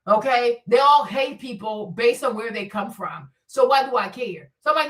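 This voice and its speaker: A woman who immigrated to America rants bluntly, swearing and sarcastic, in casual commentary. Her voice sits high. She sounds set back from the microphone, a little distant. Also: lively intonation, normal speed, hardly any pauses, fairly bright tone. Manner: blunt, profane, sarcastic ranting. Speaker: commentary channel host.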